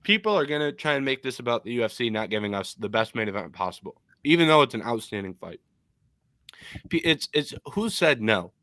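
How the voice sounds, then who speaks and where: Young male podcast co-host, animated and opinionated, mid-pitched voice, dry close mic. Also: fairly quick, no echo. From Michigan. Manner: animated, opinionated, frequent ums. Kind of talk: casual podcast chat.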